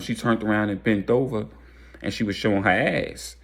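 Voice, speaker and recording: A man's voice: lowish voice, moderate pace, vocal fry. A man narrating a story casually, in a slangy, loose, rambling way.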